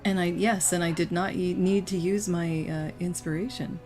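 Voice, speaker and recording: A woman's voice: lowish voice, steady tone, normal speed, a little mellow, faint music behind. A woman playing a tabletop game, thinking aloud hesitantly as she checks her character's rules. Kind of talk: casual game table chat.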